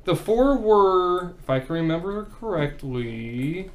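A young man co-hosting a casual podcast, reacting quickly and explaining things in a lively way. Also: high-pitched. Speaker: podcast co-host. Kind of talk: casual chat.

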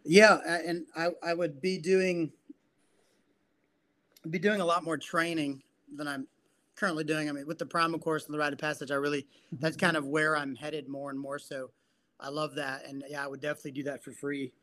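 A man's voice: on the high side, little pitch movement, moderate pace, pushed and bright. A man who is a guest on a podcast, speaking earnestly and reflectively in casual conversation. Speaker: guest, men's coach and psychotherapist. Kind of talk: casual interview talk.

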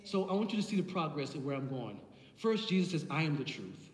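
A man's voice: fairly high pitch, sing-song, a little fast, a little hiss or hum. A man preaching a sermon as pastor, impassioned and building through repeated phrases, heard in a church sanctuary. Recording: echoey hall from far off.

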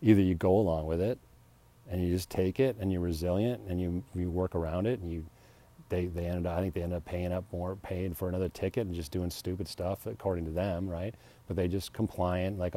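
Deep-voiced man rambling and self-deprecating. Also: fairly even intonation, fairly quick, warm tone. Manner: acts out heated retorts, laughs often. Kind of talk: rambling personal reflection.

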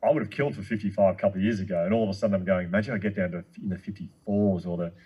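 A man in his thirties, a guest speaker telling a long story in casual chat, excitable and quick. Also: deep voice, husky, rough recording.

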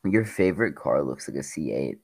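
A young man in casual podcast chat, opinionated and quick to argue back. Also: a bass voice, expressive, darkish tone, husky, no echo.

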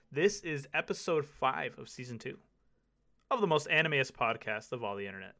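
A male podcast host with a bright, forceful voice who talks in a hyped, jokey way. He chats casually and keeps the conversation moving with his co-hosts. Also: medium pitch, expressive, normal speed, gravelly.

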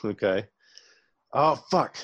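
A man's voice: medium pitch, lively intonation, slow pace, a bit bright, no echo, highs cut off. A man in casual podcast chat, laid-back and jokey.

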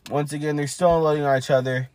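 A man's voice: fairly high pitch, fairly even intonation, quick pace, darkish tone, slight background noise. A man co-hosting a podcast, giving a rambling, casual play-by-play recap with lots of filler. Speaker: podcast co-host.

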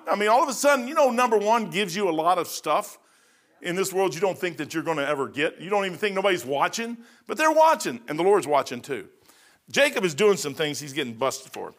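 A man in his sixties preaches in a folksy, rambling manner, often wandering into joking asides. His voice sits somewhat high and has a bright, forceful edge. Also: expressive, a little fast. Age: 60s. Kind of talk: informal sermon.

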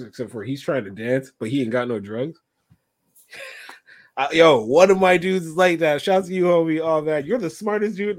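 A man in casual chat, telling slangy stories animatedly and breaking into laughter often. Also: fairly high pitch.

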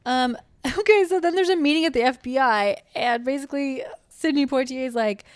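Casual podcast co-host, young woman, slightly high voice, dry close sound, chatty and laughing. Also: a little fast, clean tone, no room sound. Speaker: podcast co-host recapping a movie. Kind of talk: casual chat.

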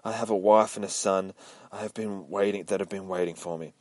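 A man voicing a tired, gentle old farmer, speaking quietly and low. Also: fairly even intonation, a little fast, no room sound, close to an everyday voice. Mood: weary. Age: older.

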